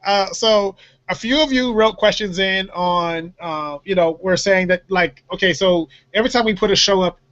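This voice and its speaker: Man, high voice, talk show host, rambling, laughs a lot, muffled lo-fi audio. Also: normal speed, a bit bright. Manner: rambling, laughs often, many fillers. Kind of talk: casual talk-show chat. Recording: dull lo-fi audio.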